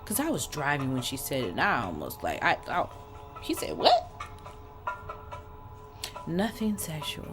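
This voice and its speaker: Lively, chatty woman vlogger. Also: very deep voice, a little fast, loud music behind the voice. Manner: expressive, chatty, talks to viewers as y'all. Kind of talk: casual storytelling to camera.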